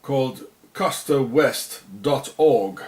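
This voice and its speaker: A man's voice: medium pitch, takes it slowly, darkish tone. A man from South Africa narrating over on-screen footage in rambling commentary, sarcastic and often repeating and restarting his words. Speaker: video narrator.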